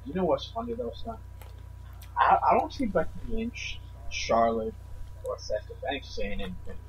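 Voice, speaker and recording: A man's voice: fairly high pitch, huge pitch swings, normal speed, dull audio, a little hiss or hum. A man co-hosting a wrestling podcast in a laid-back way, often calling his friend "son". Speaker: podcast co-host. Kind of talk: casual wrestling podcast chat.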